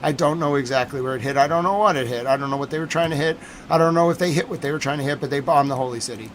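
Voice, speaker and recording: A man's voice: a little high, rapid-fire, slight background noise. A man giving live-streamed commentary on breaking news, agitated and emphatic, repeating his points.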